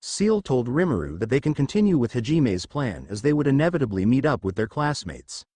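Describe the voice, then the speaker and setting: A young man narrating a fan fiction story in a plain, steady way. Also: medium pitch, a little fast, no room sound.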